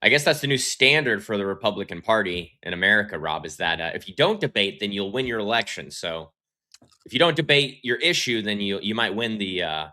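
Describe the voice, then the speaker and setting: A male co-host on a political talk show, with a lowish voice that comes across forceful and bright-edged. He talks in a loose, conversational way. He keeps checking in with a quick "right?" as he goes. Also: animated. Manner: conversational, with tag questions and fillers. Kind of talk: political commentary.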